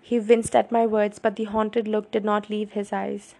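A woman reading a first-person novel aloud in an even, understated way. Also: mid-range voice, normal speed, creaky. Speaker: audiobook reader.

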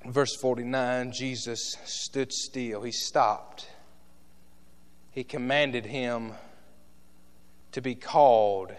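A man preaching a sermon in a church with passion, shifting between loud shouts and hushed asides to the congregation. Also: medium pitch, fairly even intonation, extremely slow, long pauses.

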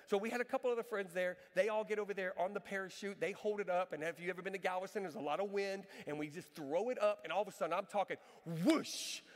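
A middle-aged male pastor with a notably high voice delivers a sermon in a large church hall, his words trailing off into a long reverb. He tells stories with lively humor and preaches with emphatic, rhetorical questions to the congregation. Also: very fast, hardly any pauses. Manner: animated, humorous storytelling. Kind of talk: sermon with a personal story. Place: church sanctuary.

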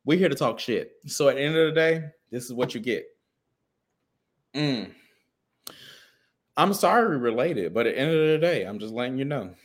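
A man's voice: medium pitch, lively intonation, normal speed, pauses often. A man co-hosting a podcast in casual chat, talking bluntly and with lots of profanity. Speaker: podcast co-host.

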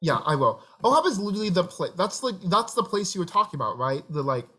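Quick, dry-witted young man. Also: high voice, sing-song, pushed and bright. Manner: dry, teasing banter. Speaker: podcast co-host. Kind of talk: casual chat.

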